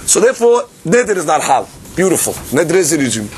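In a lively Talmud class, a man reasons aloud, acting out both sides of the argument, restarting often, and sprinkling Hebrew and Aramaic terms into his English. His voice is a little high, very animated, and fast. There's a slight hiss or hum on the recording.

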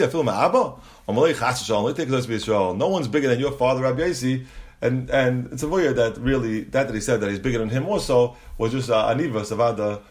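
A man teaching a Talmud lesson, reading Aramaic phrases and translating them into English as he goes. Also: medium pitch. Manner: reads Aramaic phrases then translates them in quick bursts.

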